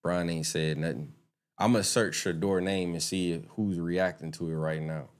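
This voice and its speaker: A man's voice: low-pitched, fairly even intonation, moderate pace. Fired-up casual streamer man. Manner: chatty, addresses viewers, swears freely; gets heated and indignant when ranting. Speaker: live streamer. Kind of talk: casual live-stream commentary.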